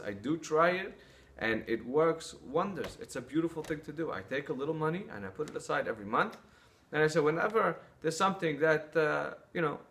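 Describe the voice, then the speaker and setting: A man's voice: a little high, fairly bright tone. Earnest man preaching a sermon. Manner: earnest, storytelling, with some restarts.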